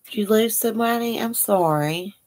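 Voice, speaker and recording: A woman hosts a casual livestream, reading viewer comments aloud and answering sympathetically in a chatty, folksy manner. Her voice is medium-pitched and darkish, at a moderate pace.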